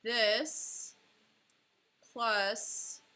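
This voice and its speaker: Bubbly high-voiced young woman streaming. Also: extremely slow. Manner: excitable, laughing often, self-deprecating groans. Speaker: illustrator streaming live. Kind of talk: casual livestream chat while playing a drawing game.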